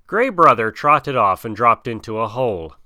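A man narrating a classic adventure story as an audiobook, steady and vivid. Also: medium pitch, moderate pace, no room sound, clean studio sound. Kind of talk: audiobook reading of a classic tale.

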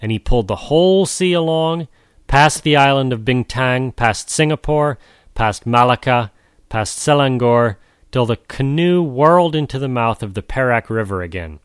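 A man's voice: mid-range voice, animated, clear, resonant tone, dry recording, studio quality. Man reading a storybook aloud. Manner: measured, addresses the listener tenderly. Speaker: narrator.

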